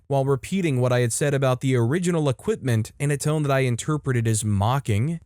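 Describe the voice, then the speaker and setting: A man reading a first-person story aloud in an even, steady storytelling voice. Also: mid-range voice, no room sound, clean studio sound. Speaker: narrator.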